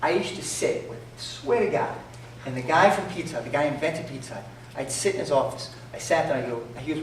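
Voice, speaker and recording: A man with a New York accent tells animated, jokey business stories to an audience, acting out each exchange. His voice sits fairly high and swings widely in pitch. He is picked up from a distance in a very echoey room with faint background noise. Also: brisk. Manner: animated, jokey, acts out dialogue. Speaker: entrepreneur speaker. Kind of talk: storytelling talk to an audience.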